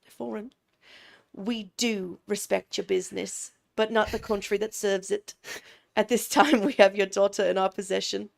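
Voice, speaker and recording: A woman's voice: medium pitch, fairly even intonation, moderate pace, vocal fry, natural voice. A woman voicing a menacing kidnapper, reading a ransom note in a hesitant put-on accent. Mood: threatening.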